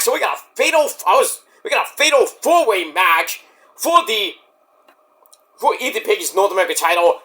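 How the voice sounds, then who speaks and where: Excitable high-voiced man recapping a show. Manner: excitable, rambling, profane. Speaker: wrestling show reviewer.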